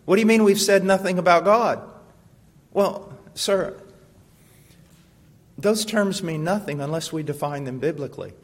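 A man preaching a sermon with passion, asking rhetorical questions and swinging from hushed tones to loud ones. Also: fairly high pitch. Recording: long hall reverb.

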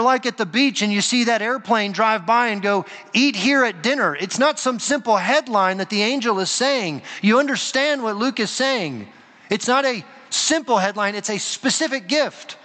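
A man with a high voice delivers an earnest sermon from the pulpit. He pauses for effect and slips into quoted voices. His words ring out with the long reverb of a large church hall. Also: a bit bright. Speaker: pastor. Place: church sanctuary.

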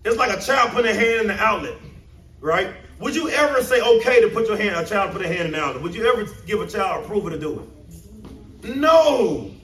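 A man preaches in a high voice, rising into emphatic bursts and firing questions at his congregation. His sermon rings around an echoey church room, picked up from a little way off the mic. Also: animated, fast talker, pushed and bright, slight background noise. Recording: roomy echo, mic at a distance.

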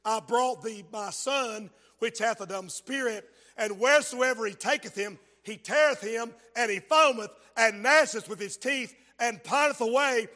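High, bright-voiced fervent male preacher. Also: a little slow, hardly any pauses. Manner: fervent, shouts his points; reads King James scripture aloud. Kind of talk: revival sermon. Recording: long hall reverb.

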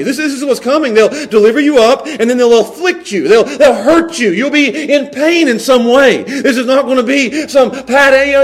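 A male pastor preaching a sermon, repeating words and swinging between loud emphasis and quiet low stretches.

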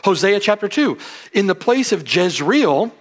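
Male preacher, fairly high voice, animated delivery, emphatic sermon reading. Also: unhurried. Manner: emphatic, rising and falling sharply for stress.

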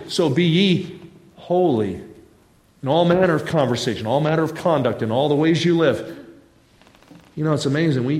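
Recorded in an echoey church sanctuary, a man with a mid-range, darkish voice preaches a sermon. He tells stories in a folksy, humorous way, tossing asides to the congregation.

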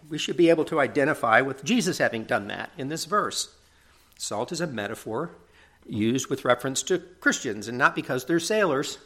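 A man's voice: medium pitch, creaky, fairly bright tone. A middle-aged man preaching a sermon in an earnest, conversational way, often checking in with tag questions.

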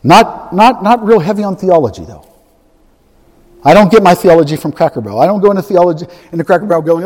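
A pastor preaching with animated emphasis, swinging from loud outbursts to soft asides. His voice sits fairly high for a man. A long hall reverb follows his words. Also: fast. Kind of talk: sermon.

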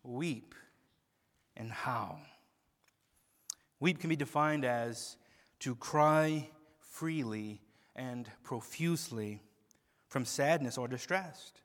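A man preaching an expository sermon, swinging from hushed low tones to loud emphatic peaks and often repeating words as he starts a phrase. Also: slow pace. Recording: long hall reverb.

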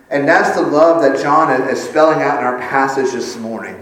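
A man's voice: medium pitch, normal speed, hardly any pauses, a bit bright. A man preaching a sermon at a church communion service, earnest and building in intensity, with light self-deprecating asides. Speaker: pastor. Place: church sanctuary. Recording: echoey church hall.

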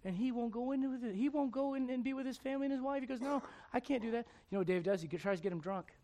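A male preacher delivering a sermon as animated storytelling, asking the crowd rhetorical questions. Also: very high-pitched, rapid-fire.

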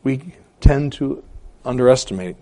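A man preaching a sermon as pastor, with emphatic stresses, quiet asides and hesitant fillers between phrases. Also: medium pitch, measured pace.

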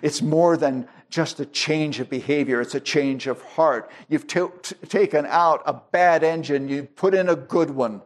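A man preaching a sermon, explaining scripture with everyday illustrations and frequent restarts. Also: a little high. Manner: slow, deliberate preaching with homely illustrations and restarts. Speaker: pastor.

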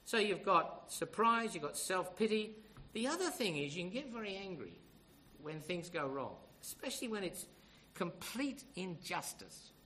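Man preaching a sermon, bright lively voice, keeps asking the crowd questions. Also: high voice, normal speed, slight background noise, rough recording. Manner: emphatic, animated storytelling with rhetorical questions.

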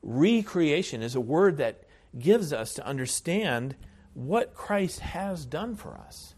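A man preaching a sermon as pastor, speaking in a measured, deliberate way with frequent hesitations. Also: fairly high pitch, sing-song, a little mellow, husky.

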